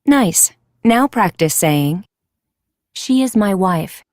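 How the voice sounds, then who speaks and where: A woman's voice: mid-range voice, expressive, slow pace, a little mellow, dry recording. A woman giving scripted prompts as the instructor of a recorded language course. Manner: clear, prompting. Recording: dry studio recording from a course.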